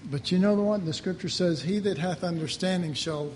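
High-voiced man preaching in a hall. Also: fairly quick, a little mellow. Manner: emphatic, conversational, acts out his own inner dialogue. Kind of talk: sermon, Bible teaching. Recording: hall reverb with faint background noise.

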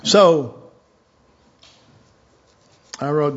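A man preaching in a folksy, rambling sermon. His voice sits high for a man and he talks slowly and unhurriedly. The recording sounds dull and lo-fi. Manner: rambling, folksy, chuckles often. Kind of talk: informal sermon.

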